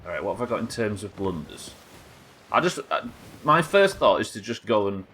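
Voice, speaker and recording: A man's voice: lowish voice, big pitch swings, normal speed, a bit bright, a little hiss or hum. A young man streaming a pirate game live, chatting with viewers and swearing casually. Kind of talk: live game commentary reading chat.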